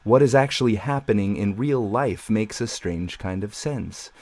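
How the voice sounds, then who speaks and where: Man, audiobook narration, measured dramatic reading, low voice, dry close sound. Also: lively intonation, darkish tone, no echo. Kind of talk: scripted novel narration.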